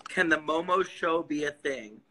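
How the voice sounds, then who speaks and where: A man's voice: a little high, normal speed, sharp tone, rough recording. A man reading viewer comments aloud in casual, upbeat chat beside a live streamer in a large store. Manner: relays questions, upbeat and teasing.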